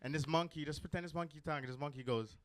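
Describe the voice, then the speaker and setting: Talking rapid-fire in a fairly high voice, a man from Jamaica does stand-up at a comedy club with a crowd watching. His set wanders, with plenty of ums between the crude jokes.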